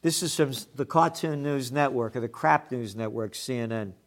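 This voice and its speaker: A man's voice: mid-range voice, moderate pace. A man hosting a trends commentary show, delivering a combative, sarcastic monologue and swearing when angry.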